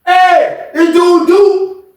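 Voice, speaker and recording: A man voicing an angry older male inmate who loudly accuses and taunts another prisoner. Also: rapid-fire. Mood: yelling, accusing. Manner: shouting, high-pitched, taunting. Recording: roomy echo.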